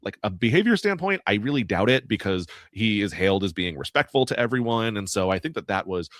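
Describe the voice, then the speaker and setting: Man, podcast co-host, lowish voice, casual chat, laughs a lot, dry close sound. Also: expressive, a little fast, fairly bright tone, no echo. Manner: laughs often, quotes cast members in mock voices.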